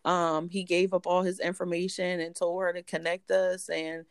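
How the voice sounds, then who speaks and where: A woman guest telling a personal story in an animated way, acting out the voices of others. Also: lowish voice, moderate pace, clear, resonant tone, no room sound, studio quality. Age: adult. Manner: animated, acts out voices in quotes. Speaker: interview guest.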